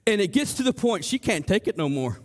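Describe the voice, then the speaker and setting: A male pastor preaching a sermon in a church, lively and animated, acting out the voices of the people in his story, with frequent stammers and restarts. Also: high voice, brisk. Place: church sanctuary.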